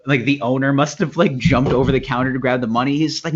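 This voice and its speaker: A man's voice: mid-range voice, quick pace, slightly rough. A man co-hosting a podcast from home, telling a long story casually, full of "like" and acted-out quotes. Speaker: podcast co-host. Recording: dull lo-fi home recording.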